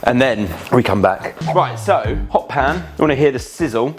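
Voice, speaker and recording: A man's voice: medium pitch, lively intonation, normal speed, music in the background. A man hosting a cooking show, chatty and jokey while he explains each step. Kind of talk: casual cooking chat.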